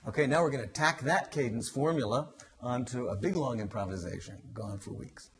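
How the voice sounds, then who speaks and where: A man's voice: mid-range voice, fairly quick, a bit bright, a little hiss or hum. A man teaching musical improvisation, patiently explaining and demonstrating by singing syllables.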